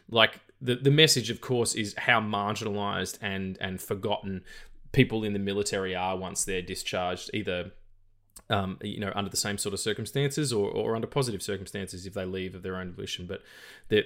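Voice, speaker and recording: A man's voice: low-pitched, a bit bright. A man co-hosting a film podcast, chatting casually and rambling about movies with many restarts and some swearing. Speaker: podcast co-host.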